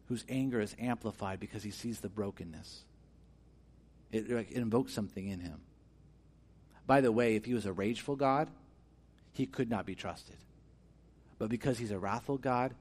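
Preaching at medium pitch, this pastor alternates quiet lines with forceful ones. He poses questions to the congregation and performs the voices of those he quotes.

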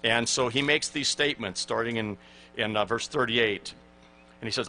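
Bright-voiced man in his sixties preaching. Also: medium pitch, normal speed. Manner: earnest, emphatic preaching with quoted scripture. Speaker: pastor. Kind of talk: sermon.

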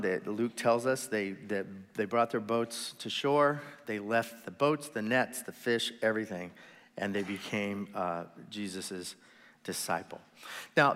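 A man preaching a sermon as pastor, telling the story in a relaxed, chatty way with asides and quick voices for the people in it. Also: lowish voice. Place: church sanctuary. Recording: long reverb of a large hall.

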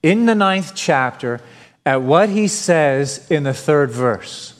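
A man's voice: a little high, expressive, takes it slowly. A male pastor preaching a sermon, earnest and emphatic, asking rhetorical questions. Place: church sanctuary. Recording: long reverb of a church hall.

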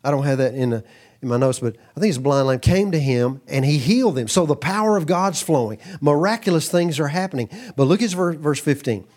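A middle-aged Texan man preaches a sermon in a somewhat high voice, speaking a little fast. He's animated and lively, often veering into asides and acting out the voices of people he quotes.

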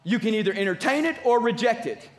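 A man's voice: very high-pitched, lively intonation, fast talker. A man preaching a sermon as pastor, emphatic and repeating his key phrases.

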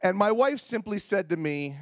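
Man, pastor, fifties, self-mocking sermon story, slightly high voice, dry sound. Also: expressive, normal speed, dry recording. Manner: self-deprecating, humorous, acts out quoted voices.

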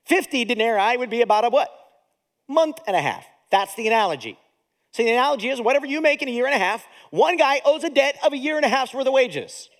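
A man preaching a sermon as pastor, in a lively, conversational way that mixes jokes and acted-out voices into his teaching. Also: very high voice, fast.

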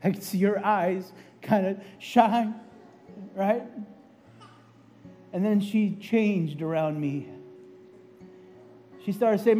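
A man's voice: sits high, slow, long pauses, dark tone, faint music behind. A man preaching a sermon, telling a personal story in a conversational way with frequent "right?" asides, then leading a prayer. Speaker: pastor.

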